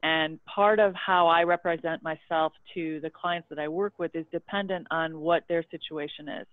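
A guest who works as a public relations consultant, talking in a measured way and explaining with examples. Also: female voice, sits low, fairly even intonation, dry recording. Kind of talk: casual conversation. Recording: dry tinny phone-like line.

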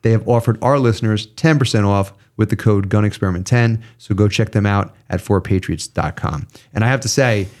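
A podcast host with a lowish voice talks briskly with few pauses, ranting animatedly and swearing a lot in casual chat before moving on to read sponsor ads.

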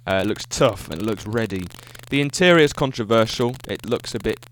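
Guy doing a solo podcast, excited and chatty, fixes his own words a lot, light hiss behind. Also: on the low side, brisk. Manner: enthusiastic, rambling, self-correcting. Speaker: podcast host. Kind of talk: solo casual podcast monologue.

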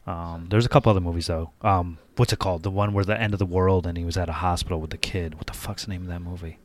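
A man's voice: low voice, fairly even intonation, quick pace. A young man chatting casually and jokingly while watching a movie with a friend. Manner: laid-back, joking, chatty. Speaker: co-host watching a film. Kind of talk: casual chat.

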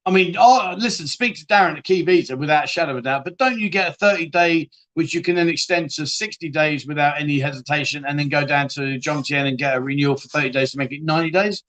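This man runs a live-stream chat show in a casual, rambling way. He is blunt and chatty and swears freely, and he often restarts mid-sentence as he answers viewers. His voice sits a little higher than most men's. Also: fast, few pauses, fairly bright tone.

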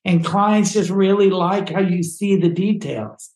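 A man's voice: high-pitched, a little slow, darkish tone, pitched above the performer's own voice. A man voicing a pushy, gushing woman photo agent, with effusive praise, in an echoey room.

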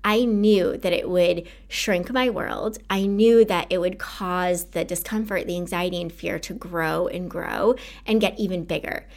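A woman with a fairly low voice hosts a casual podcast, speaking in a candid, earnest, conversational way. She talks straight to the listener in a relaxed personal monologue, dropping in many fillers. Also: measured pace, creaky, hardly any pauses. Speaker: podcast host.

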